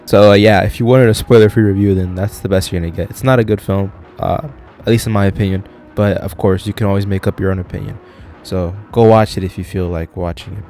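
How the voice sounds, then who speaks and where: A man's voice: fairly low pitch, dark tone. A young man giving a loose, rambling film review in a casual spoken style, swearing freely. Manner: profane, rambling, loose and chatty.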